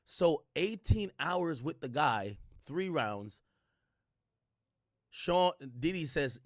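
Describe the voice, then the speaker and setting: Stream host, male, profane and incredulous, animated delivery with a dry sound. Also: a little high, drawn-out words, pauses often, no echo. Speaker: livestream host reading court testimony. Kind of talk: casual commentary livestream.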